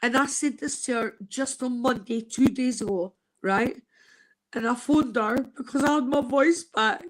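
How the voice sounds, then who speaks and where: A Scottish woman from Scotland telling an emotional personal story, halting and tearful. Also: on the high side, low-quality recording.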